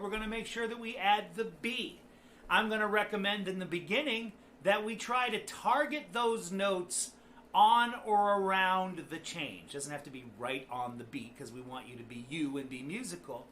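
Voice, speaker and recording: A man's voice: high voice, bright, forceful tone, a little hiss or hum. A man giving a casual guitar lesson, chatty, with joking asides. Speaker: guitar teacher. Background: guitar playing.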